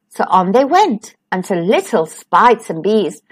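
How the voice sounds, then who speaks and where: A woman reading a children's picture book aloud, slowly and expressively, as a storytime host. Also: medium pitch, sing-song, breathy edge. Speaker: storytime reader.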